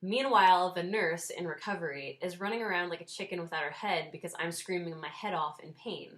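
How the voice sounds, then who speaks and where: A young woman in her twenties talks straight to her viewers in a relaxed vlog. Her voice sits a little low, and her tone stays wry and self-mocking, with small laughs slipped in. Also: normal speed, hardly any pauses. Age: 20s. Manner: wry, self-deprecating, laughs while telling. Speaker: vlogger. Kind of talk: casual storytelling vlog.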